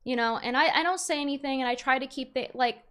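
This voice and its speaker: High-voiced frustrated young woman streamer. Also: quick pace, a bit bright. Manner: rambling, frustrated, many restarts. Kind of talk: casual stream commentary.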